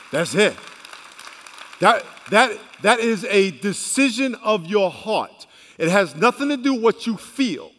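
Middle-aged pastor preaching, high voice, big echoey church hall, goes loud then quiet. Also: male voice, normal speed. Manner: animated preaching, swinging from loud to hushed. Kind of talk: sermon.

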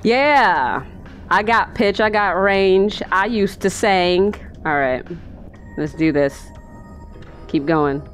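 A woman narrating her own gameplay in a chatty, goofy let's play style, her pitch swinging in lively leaps. She talks at an unhurried, drawn-out pace into a desk mic, with faint game music behind her. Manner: chatty, goofy, talks to herself while playing. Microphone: desk microphone.

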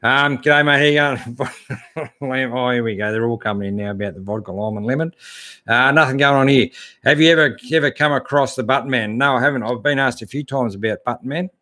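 A relaxed Australian man in middle age, reading comments on a live stream and chatting back at an easy pace. His voice sits in an ordinary middle pitch, and he drops "mate" into most answers. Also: a little fast. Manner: laid-back, chatty, calls everyone mate. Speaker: host answering live chat. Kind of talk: casual live-stream chat.

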